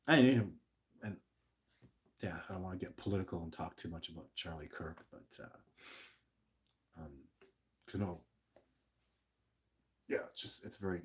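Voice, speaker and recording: A man's voice: low voice, slightly rough. A middle-aged man hosting a casual livestream, rambling passionately with many restarts while reading viewer questions, short on sleep. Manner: rambling, earnest, with many restarts and stammered repeats; passionate and emotional. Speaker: livestream host.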